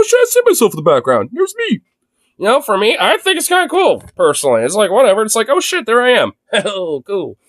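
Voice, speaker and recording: A man's voice: sits high, a bit bright, dry recording. A young man streaming live from his phone, ranting sarcastically and profanely through his commentary. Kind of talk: livestream commentary rant.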